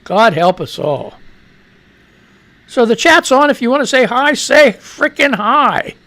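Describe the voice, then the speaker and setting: A man's voice: very high voice, very animated, unhurried, bright, forceful tone. A middle-aged American man hosting a live radio news show, rambling and profane, talking back to himself as he reads the news. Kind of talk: casual live-stream news commentary.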